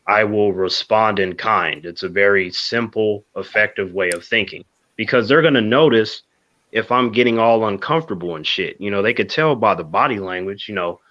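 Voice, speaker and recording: A man on a casual panel show, telling stories in a relaxed way with some swearing. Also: lowish voice, normal speed. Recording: dull lo-fi audio.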